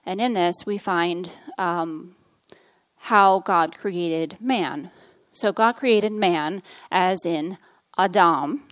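A woman's voice: fairly low pitch, extremely slow, fairly bright tone, dry recording. Earnest woman preaching, dry close sound. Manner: earnest teaching with reading of scripture and many fillers. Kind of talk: sermon.

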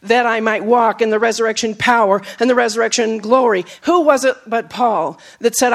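A woman preacher giving a sermon, telling stories with acted quotes, moving from emphatic lines to soft, low asides. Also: moderate pace, few pauses. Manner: storytelling, with acted quotes and laughs.

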